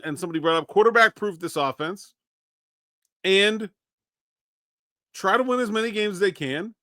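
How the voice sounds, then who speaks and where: A man's voice: high-pitched, sharp tone, dry recording, clean studio sound. A man hosting a daily solo sports podcast, talking conversationally and thinking aloud with frequent restarts. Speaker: podcast host.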